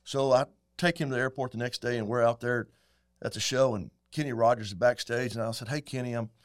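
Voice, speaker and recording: A middle-aged man, a guest telling folksy, animated stories in casual chat. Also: mid-range voice, fairly quick. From Texas. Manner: folksy, animated, acts out quotes. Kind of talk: casual storytelling.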